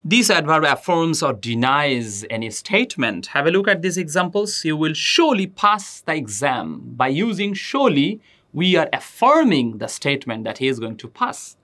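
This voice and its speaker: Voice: mid-range voice, sing-song, moderate pace, fairly bright tone. A teacher giving a grammar lesson, addressing students directly and repeating example sentences with emphasis. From Bangladesh. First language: Bengali.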